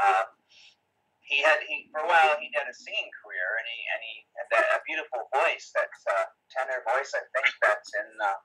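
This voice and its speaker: Bright, husky man thinking aloud. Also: mid-range voice, rough recording. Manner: hesitant, many filler sounds and restarts. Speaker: interview guest. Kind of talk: casual explanatory conversation. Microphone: video call.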